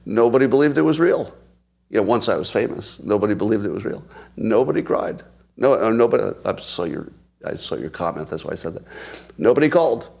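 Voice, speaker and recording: A man's voice: on the low side, very animated, brisk, gravelly, darkish tone, breathy edge. A man in his sixties hosting a casual livestream, chatting and laughing as he tells stories to viewers. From United States. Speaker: podcast host.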